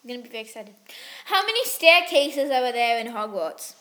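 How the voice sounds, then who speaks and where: Young woman chatting about books, high bright voice, lots of giggles. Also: very animated, brisk. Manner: giggly, recites verse playfully. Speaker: book podcast co-host. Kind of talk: casual chat.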